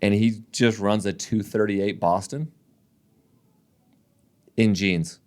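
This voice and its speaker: Man, deep low voice, podcast co-host, casual chat, teasing, laughs a lot. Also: fairly even intonation, takes it slowly, a little mellow. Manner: laughs often, jokes and teases.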